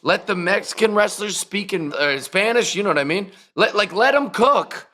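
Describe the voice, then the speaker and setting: Higher-voiced comedian guest, emphatic. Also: male voice, animated, normal speed, sharp tone. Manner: opinionated, emphatic. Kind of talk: casual podcast chat.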